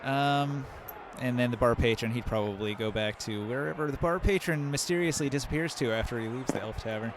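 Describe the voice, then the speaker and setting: A man's voice: mid-range voice, a little fast, few pauses. A man narrating as game master for a live-streamed tabletop game, setting scenes loosely with fillers. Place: home setup on a live stream. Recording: noticeable background noise.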